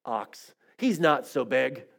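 A man's voice: mid-range voice, animated, takes it slowly, gravelly, a bit bright, voice pushed down, heavily acted. A man voicing a proud, boastful father frog in a fable told during a sermon. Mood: dismissive.

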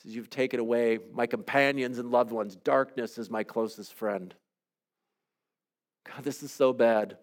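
A man leading a devotional, praying aloud in an earnest, pleading way with soft, hushed trailing endings, then teaching calmly. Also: medium pitch, unhurried. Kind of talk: reflective spoken prayer and teaching.

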